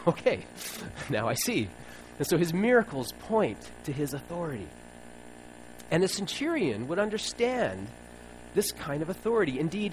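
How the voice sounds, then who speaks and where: A male preacher talking through scripture stories in a relaxed, conversational manner. His voice sits a bit high and swings widely as he tells the stories. A faint hum runs underneath. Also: low-quality recording. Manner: conversational, playful storytelling. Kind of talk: sermon.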